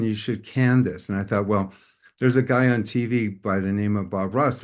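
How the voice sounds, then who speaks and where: A man's voice: lowish voice, a little mellow. A middle-aged man telling a personal story to a group as host, acting out the voices of people in it. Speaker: podcast host, painter.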